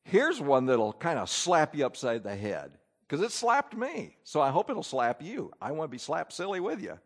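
A man preaching a sermon from an outline, acting out grumbling asides with lively energy. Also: on the high side, normal speed, husky. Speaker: pastor.

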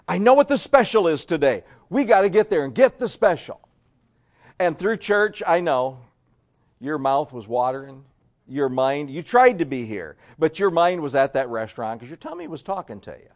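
Male pastor, lively sermon delivery, raised voice, dramatic hush-and-boom swings. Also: normal speed. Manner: animated preaching with sudden loud and hushed swings.

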